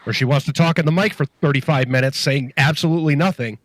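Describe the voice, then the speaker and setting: A man co-hosting a casual wrestling chat, blunt and quick to swear. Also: on the high side. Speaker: podcast co-host.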